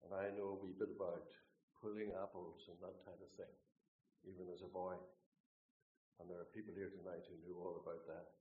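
A Northern Irish man preaches to a hall in a folksy, joking way, leaning hard on the scripture he reads. His voice sits fairly low and comes from well off the microphone, with a roomy, dull sound. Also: flat delivery, brisk, distant mic. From Northern Ireland. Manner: folksy and joking, emphatic when reading scripture. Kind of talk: sermon. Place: meeting hall, speaking away from the mic.

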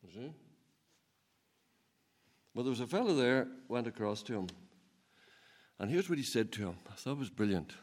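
A man preaching a sermon, swinging between loud emphatic peaks and low, quiet asides, with a chuckle now and then. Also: sing-song, normal speed, pauses often. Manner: laughs while telling stories.

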